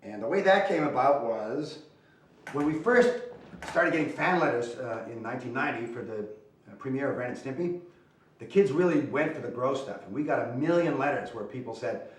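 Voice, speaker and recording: A man's voice: mid-range voice, expressive, a little fast, very echoey. A man hosting, giving an upbeat informal introduction and speaking straight to fans, recorded from a distant mic. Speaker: host. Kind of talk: casual introduction to camera.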